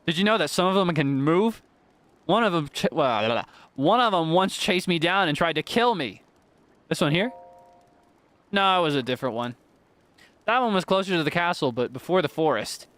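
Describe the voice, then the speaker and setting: A man's voice: fairly high pitch, lively intonation, moderate pace, pauses often, fairly bright tone, dry recording. A man reading aloud the lines of a gloomy wandering male traveler in a game, in a chatty, doom-laden way. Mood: ominous.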